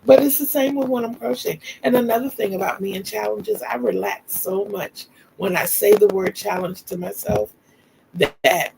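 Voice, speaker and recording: Over a noisy background, a middle-aged woman livestreams casual, chatty stories from her own life, laughing often and calling viewers "y'all" in a warm storytelling style. She has a medium-pitched, creaky voice with fairly even intonation and talks at a normal speed.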